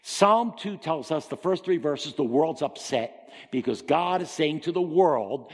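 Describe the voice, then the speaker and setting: Emphatic preacher in a reverberant hall. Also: male voice, measured pace. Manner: emphatic, rising to high excited peaks and dropping low. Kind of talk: sermon.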